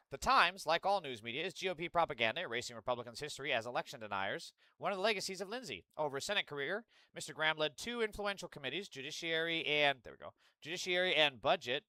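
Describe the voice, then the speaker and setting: A man's voice: on the high side, sharp tone, clear, resonant tone, dry recording. A young man from the United States doing casual reaction commentary, reading news aloud and ranting with profane sarcasm. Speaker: political commentator.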